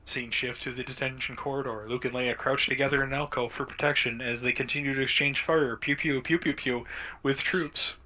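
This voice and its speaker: A man's voice: medium pitch, flat delivery, a little fast, hardly any pauses, sharp tone, rough recording. A man hosting and narrating a casual script read-through, playful and adding his own sound effects. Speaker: host and narrator.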